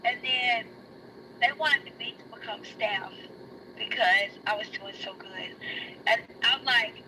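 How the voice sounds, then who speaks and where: A woman sharing her recovery story in casual chat, emotional and rushed, her voice cracking high. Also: sharp tone, a little hiss or hum, poor audio. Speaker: guest. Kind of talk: casual personal testimony.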